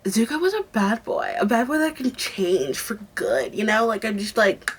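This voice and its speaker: A woman's voice: a little high, lively intonation, normal speed, husky. A young woman hosting her own video, chatting casually and gushing, with lots of "like.". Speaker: YouTube host. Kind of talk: casual chat.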